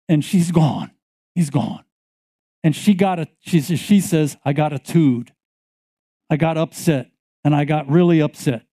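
A man's voice: fairly high pitch, dark tone. A man preaching a sermon, retelling a story with many repetitions and building to emphatic passages. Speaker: pastor.

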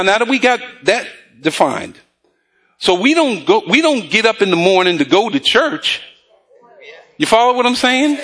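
Man, preacher, sermon, high voice, very animated pitch, call-and-response questions. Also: breathy edge. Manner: drawn-out scripture reading.

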